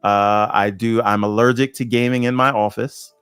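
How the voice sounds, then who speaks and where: A man's voice: lowish voice, normal speed, clear, resonant tone, faint music behind. A man co-hosting a gaming podcast, talking animatedly, tagging "right?" onto his points. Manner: animated, says "right?" often, acts out quoted voices. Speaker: podcast co-host. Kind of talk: casual podcast debate.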